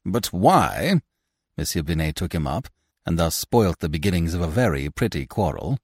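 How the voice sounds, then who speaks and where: A man reading a classic novel aloud as narrator, in an expressive, lively manner. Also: sits low, fairly quick, husky, dry recording, clean studio sound. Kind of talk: scripted audiobook narration.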